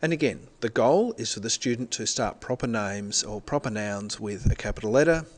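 A man's voice: on the low side, expressive, moderate pace. A middle-aged man from Australia, a teacher, giving a recorded presentation in a conversational way, correcting himself as he explains step by step.

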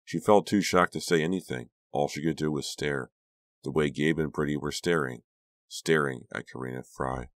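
A man narrating an audiobook in a steady, dramatic reading voice. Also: rumbling low, moderate pace, no room sound. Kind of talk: scripted narration.

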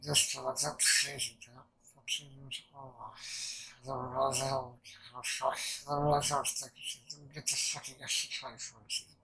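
A man talks through an anime reaction in a loose, rambling way, swearing freely and leaning on filler words. His voice is bright and forceful at a mid pitch, with a gravelly edge. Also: fairly quick, low-quality recording. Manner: rambling, excitable, swears often, many fillers. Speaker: anime reaction channel host. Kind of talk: casual anime reaction commentary.

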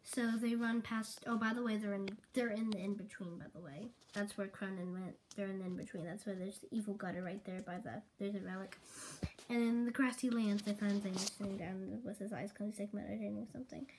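A woman's voice: medium pitch, fairly even intonation, fairly quick, darkish tone. A woman casually recapping her own homemade comic series, rambling along and quoting characters with "and he's like" over a noisy home recording. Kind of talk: casual rambling story retelling.

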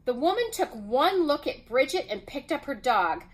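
A woman reading a children's picture book aloud as storyteller, in an expressive way. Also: sits high, slight background noise, poor audio. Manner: expressive, unhurried.

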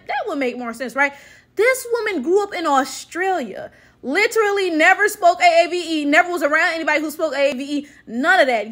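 Woman ranting on her vlog, high bright voice, sarcastic and fed up. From United States. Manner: sarcastic, exasperated, with many rhetorical "right?" checks. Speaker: vlogger. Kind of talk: commentary rant.

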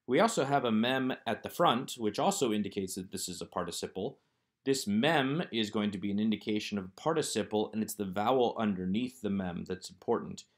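A Hebrew teacher voices over slides, going through workbook answers step by step in a calm, methodical manner. His voice is somewhat low and his delivery fairly quick.

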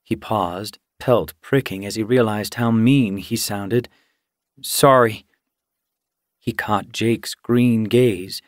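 Slow, even male audiobook narrator. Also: lowish voice, no room sound, studio quality. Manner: reads slowly and evenly, lifting his voice for dialogue. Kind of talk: scripted narration.

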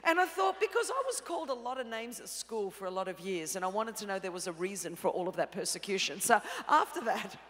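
Australian lady preaching, lively funny storytelling, goes from hushed to shouting, bright voice, big echoey hall. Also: medium pitch, fast, hardly any pauses. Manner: animated storytelling with humor, swinging between hushed and shouted. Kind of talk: sermon. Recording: reverberant hall.

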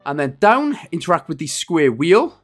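A man in his thirties narrating a game walkthrough in a casual, rambling, joking way, his voice going a little hoarse. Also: a little high, sing-song, normal speed, faint music behind. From Wales. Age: 30s. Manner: jokey, rambling, self-deprecating asides. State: losing his voice a bit. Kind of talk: casual gameplay walkthrough commentary.

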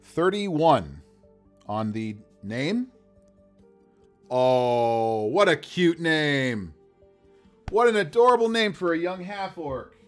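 A man's voice: on the high side, sing-song, slow pace, pauses often, soft background music. A man running a casual livestream as game master, rolling dice to build characters, talking to viewers with enthusiasm and frequent laughter.

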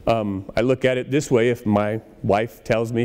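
A man's voice: lowish voice, flat delivery, fairly quick, few pauses, a little mellow, clear, resonant tone, in a large hall. A man preaching a conversational sermon in a church, acting out little dialogues as he goes. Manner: conversational preaching with acted-out quotes. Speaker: pastor.

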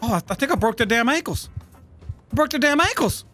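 A man giving loud, excitable, profanity-heavy commentary while playing a video game. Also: extremely high pitch, fairly quick, soft background music. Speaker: gaming YouTuber. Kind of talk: gameplay commentary.

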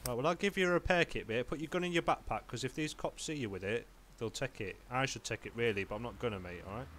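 Male role-play cop, blunt and sweary, steady mid-range pitch, headset chat. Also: quick pace, a little hiss or hum. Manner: blunt, swears casually, says "mate" a lot. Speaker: police officer player in a role-play server.

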